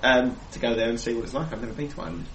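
A man's voice: mid-range voice, racing, a bit bright, echoey room, slight background noise. A man hosting a podcast in casual chat, joking, laughing often and rambling. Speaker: podcast host.

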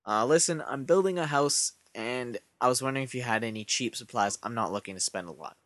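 A man's voice: medium pitch, expressive, brisk, a bit bright, no echo, close to an everyday voice. A man voicing a cheap, stingy and dim-witted male pig who mumbles his lines with little effort.

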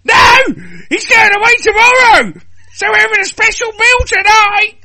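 A man voicing an excitable young woman in a comic soap script read-through, shrieking over the top. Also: very high voice, normal speed, raised voice, pitched above the performer's own voice, heavily acted. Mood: giddy shrieking.

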